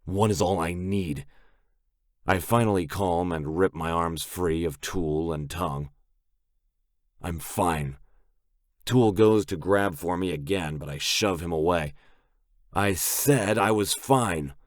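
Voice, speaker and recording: Deep-voiced male audiobook narrator. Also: unhurried, no echo, clean studio sound. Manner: gritty, blunt first-person telling. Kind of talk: first-person audiobook narration.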